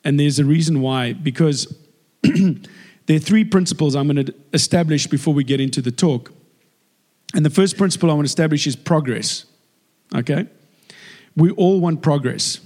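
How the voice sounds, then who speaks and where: A man preaching a sermon in a chatty, jokey, animated way. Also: fairly high pitch, moderate pace. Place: church hall. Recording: echoey hall with long reverb.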